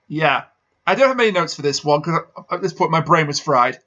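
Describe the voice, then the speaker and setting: Bright, high-voiced man laughing through a recap. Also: lively intonation, a little fast, highs cut off. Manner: stumbling, laughing while recapping. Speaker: podcast co-host. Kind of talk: casual review chat.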